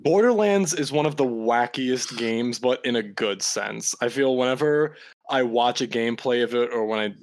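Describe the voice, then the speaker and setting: A man chatting casually as a podcast guest, relaxed and a little rambling. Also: medium pitch, normal speed, slight background noise. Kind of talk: casual chat.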